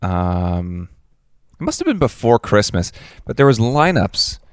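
A man co-hosting a podcast, explaining things at length in a relaxed, easygoing way, with many fillers. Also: fairly low pitch, a little slow, clear, resonant tone, no room sound, studio quality. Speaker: podcast co-host. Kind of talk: casual chat.

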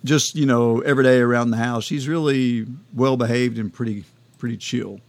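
A man co-hosting a podcast in casual chat, relaxed and measured, often answering briefly. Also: medium pitch, no echo. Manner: relaxed, measured, short replies. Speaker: podcast co-host.

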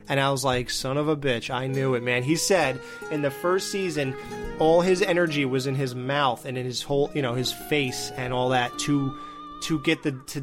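A man in casual chat reviewing a TV show, talking animatedly and acting out scenes. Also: mid-range voice. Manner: animated, mimics scenes with swearing.

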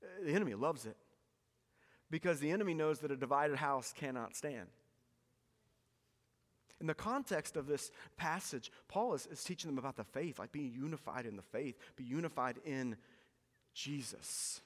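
A man's voice: fairly high pitch, animated, normal speed, pauses often. Earnest male pastor preaching in a hall. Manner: earnest, pleading, repeats words when emphasizing. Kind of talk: sermon.

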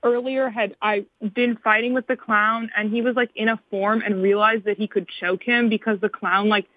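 A woman co-host in a casual chat, explaining plot points in a relaxed way. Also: medium pitch, moderate pace, dry recording. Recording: tinny phone-like line.

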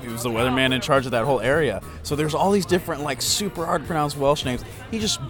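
A man from the United States in a relaxed outdoor chat, laughing easily and sounding out hard words slowly. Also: mid-range voice, over music. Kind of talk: casual chat. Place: outdoors at a convention.

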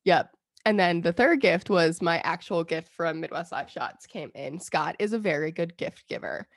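Groggy, gravelly-voiced woman chatting. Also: on the low side, normal speed, no room sound, studio quality. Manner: chatty storyteller, laughs often, many fillers. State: groggy, strained throat. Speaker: podcast co-host. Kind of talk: casual chat.

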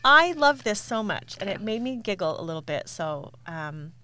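A woman's voice: medium pitch, very animated, moderate pace. A woman co-hosting a podcast, explaining matter-of-factly in casual chat and reading a story aloud. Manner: matter-of-fact explaining, laughs often. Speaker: podcast co-host.

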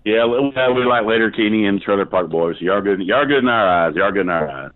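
A drunk man answers a prank call and talks in a low, rambling voice full of curses. He comes through a thin, phone-like line that sounds flat and dry, with no room around it. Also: fairly quick, no room sound. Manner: rambling, swears constantly.

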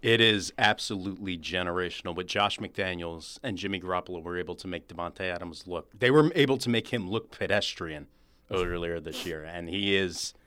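A man, a guest on a sports talk show, breaking down football in a measured, analytical way. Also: deep voice, fairly bright tone, clean tone. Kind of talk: casual sports chat.

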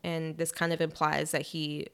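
Young female podcast co-host; lower register, lively storyteller who keeps throwing in quick asides. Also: clear, resonant tone. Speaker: podcast co-host retelling a novel. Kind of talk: casual chat.

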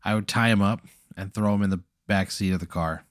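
A man with a fairly low voice plays along in an improvised game, stating his moves flatly. The recording is dry and close. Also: a little fast, no room sound. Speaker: player. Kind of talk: casual game play.

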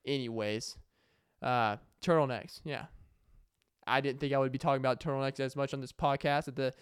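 A man's voice: mid-range voice, fairly even intonation, moderate pace, clear, resonant tone, no room sound, clean studio sound. A young man hosting his own podcast, talking alone in a rambling, joking way that turns emotional, with many restarts and fillers. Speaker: podcast host. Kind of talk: casual solo podcast monologue.

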